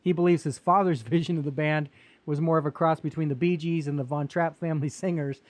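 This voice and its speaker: A man's voice: on the high side, steady tone, no room sound. A man hosting a music interview podcast, asking questions and introducing a song. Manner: quick, chatty questions and setups. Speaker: podcast host.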